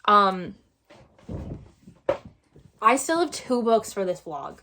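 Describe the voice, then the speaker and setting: A woman at an ordinary middle pitch talks through a casual book review vlog. Her delivery is exasperated and sarcastic. She keeps circling back to the same phrases to hammer her points home. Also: very animated, slow pace, noisy background. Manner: exasperated, sarcastic, repeats herself for emphasis. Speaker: book vlogger.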